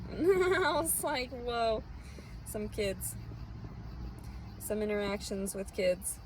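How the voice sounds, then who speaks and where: A young woman rants on and on, swearing hard and sounding bitter. Her voice sits a little low, and a faint hum of background noise runs under it. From Southern US. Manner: angry, profane and bitter. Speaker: vlogger. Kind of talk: rambling personal vent.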